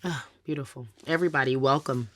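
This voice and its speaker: A woman's voice: extremely low pitch, fast, a little hiss or hum. A woman hosting a podcast, talking in an emphatic, conversational way and building her points in counted lists. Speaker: podcast host. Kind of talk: podcast monologue and interview.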